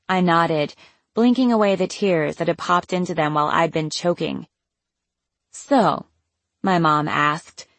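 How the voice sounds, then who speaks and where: A woman's voice: low voice, no room sound. Wry young woman narrating a novel. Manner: wry, casual, with profanity. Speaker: audiobook narrator. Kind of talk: first-person novel narration.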